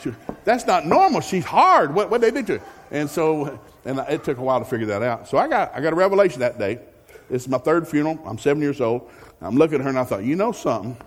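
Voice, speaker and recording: A male pastor preaching a folksy, joking sermon with animated storytelling. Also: a little high, fast. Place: church sanctuary. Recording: long reverb of a large hall.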